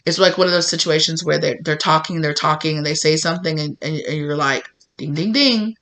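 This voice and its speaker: A young woman giving a casual tarot reading, rambling and acting out imagined conversations with gasps and hushed asides. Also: low-pitched, flat delivery, quick pace. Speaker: tarot reader.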